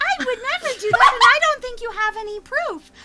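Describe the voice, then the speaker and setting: A woman's voice: very high voice, lively intonation, a little fast, very noisy, voice pushed up. A woman voicing a sly young boy pickpocket who plays innocent with a sweet, chirpy voice in a tabletop game.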